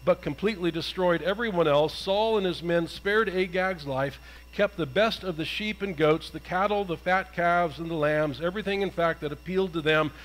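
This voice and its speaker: Give me a man preaching a sermon in a chatty way, with a high voice. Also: moderate pace, low-quality recording. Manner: conversational, asks the congregation questions. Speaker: pastor. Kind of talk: sermon retelling a Bible story.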